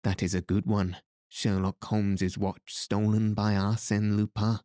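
A man voicing a jovial, excitable French gentleman in an audiobook story, talking in quick excited bursts. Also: lowish voice, dry recording, clean studio sound, natural voice. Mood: amused. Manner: excited, chattering, amused.

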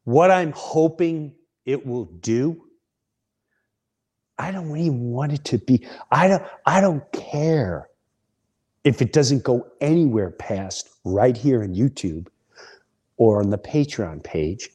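A man's voice: medium pitch, lively intonation, slow pace, a little mellow. A middle-aged man, a comedian hosting a podcast, telling a story in a casual, rambling way with frequent restarts.

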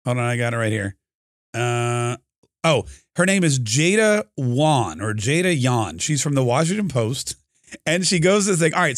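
A man delivers a loose, sarcastic commentary monologue, drifting between asides and restarting his sentences. His voice sits in a middle pitch and is recorded close and dry. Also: dry recording. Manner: rambling, sarcastic, many fillers and restarts. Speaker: podcast host.

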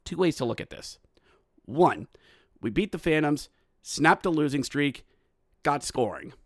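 Excitable male hockey podcast host. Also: fairly high pitch, measured pace, no room sound, studio quality. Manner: shouts excited goal calls, then sardonic commentary. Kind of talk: solo sports podcast recap with play-by-play.

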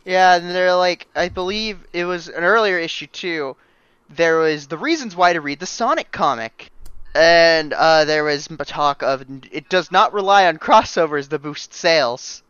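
Smooth-voiced male co-host, dry asides. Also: a little high, normal speed, fairly bright tone, dry recording, dull audio. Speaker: podcast co-host. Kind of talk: casual comic book chat.

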